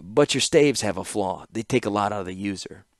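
A man voicing a calm, shrewd young man in an audiobook, with a measured, quietly wry delivery. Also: fairly low pitch, no echo, clean studio sound, close to an everyday voice. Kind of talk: audiobook character voice.

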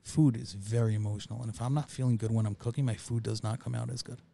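A man's voice: mid-range voice, fairly even intonation, fast, vocal fry, dark tone. A man who works as a private chef, chatting casually on a podcast and repeating key phrases for emphasis.

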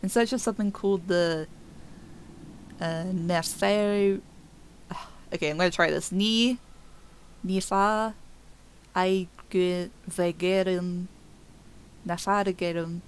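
A woman's voice: mid-range voice, takes it slowly, pauses often, a little hiss or hum. A woman streamer chatting casually over gameplay, giggling often and talking to her chat.

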